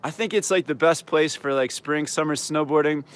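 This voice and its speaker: A slightly hoarse man hosting a casual live-stream Q&A outdoors, laid-back and upbeat, with lots of "um" and "yeah". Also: a little high, normal speed. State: slightly hoarse, losing his voice. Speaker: snowboard coach and channel host. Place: outdoors in a mountain town. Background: faint traffic and plane noise.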